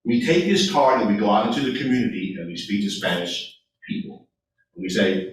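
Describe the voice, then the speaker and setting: A man giving a speech at a meeting, talking in an animated way and acting out people's replies. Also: fairly low pitch, a little fast, a little hiss or hum. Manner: animated, acts out voters' replies. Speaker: guest speaker. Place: meeting hall. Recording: echoey room, voice from far off.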